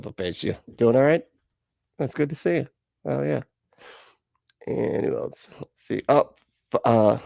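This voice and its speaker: A man's voice: medium pitch, vocal fry, dark tone, no room sound. A man hosting a live reaction stream, rambling and joking at himself and laughing often. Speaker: reaction channel host. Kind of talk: casual live-stream chat.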